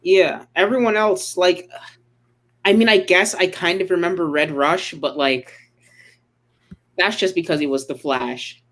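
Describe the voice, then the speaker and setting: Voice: mid-range voice, measured pace, pauses often, fairly bright tone. A co-host on a comic-book podcast, adding short agreeing remarks in casual chat.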